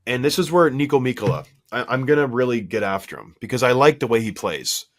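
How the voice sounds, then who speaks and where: A hoarse man co-hosting a hockey podcast, breaking down plays in a worked-up, exasperated way, full of rhetorical questions. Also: mid-range voice, fast. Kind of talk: heated sports analysis chat.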